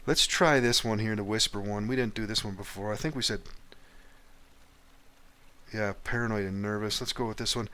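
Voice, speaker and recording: A man's voice: lowish voice, fairly even intonation, moderate pace, long pauses, sharp tone. A man casually commenting on a role-playing game and reading dialogue choices aloud. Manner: musing, chuckling aside, reading choices aloud. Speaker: gameplay video host. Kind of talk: casual let's-play commentary.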